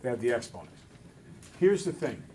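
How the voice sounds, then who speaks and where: A male math teacher in a classroom, relaxed and a little self-deprecating, talking through each step aloud. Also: medium pitch, normal speed, slight background noise. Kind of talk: classroom lesson. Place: school classroom with students.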